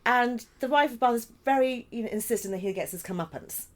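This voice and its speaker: A woman's voice: a little high, fast talker. A woman actor chatting on a podcast about her stage role, talkative and apologetic, laughing between remarks. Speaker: actor in the company. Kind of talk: casual podcast chat.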